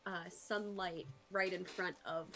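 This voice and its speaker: A woman playing in a tabletop role-playing game, describing her character's actions plainly, with pauses. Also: lowish voice, steady tone, bright, forceful tone. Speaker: player. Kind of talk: casual tabletop play on a live stream.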